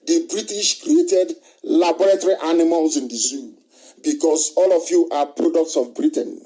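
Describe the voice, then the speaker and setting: A middle-aged man holds forth in a live radio broadcast, his voice set a touch high yet dark and mellow in tone. He drives every point home with emphatic repetition and pointed rhetorical questions. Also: moderate pace, rough recording. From Nigeria. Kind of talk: impassioned live radio monologue.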